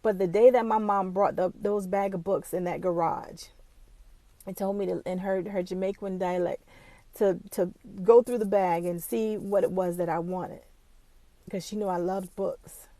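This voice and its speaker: Warm-voiced woman giving blunt business talk. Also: medium pitch, steady tone, moderate pace, dry recording. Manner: emotional, fighting back tears; blunt, casual, swears freely. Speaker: small business owner. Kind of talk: casual motivational talk to camera.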